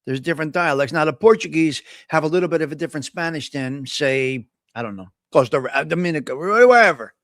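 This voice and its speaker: Animated chatty man. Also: fairly high pitch, quick pace, hardly any pauses, no echo, studio quality. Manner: chatty, animated storyteller with restarts. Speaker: host of a live coffee talk show. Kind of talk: casual live-stream chat.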